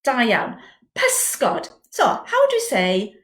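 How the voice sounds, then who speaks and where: A woman teaching a beginner language lesson, slow and clear with lively encouragement. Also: on the high side. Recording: echoey room.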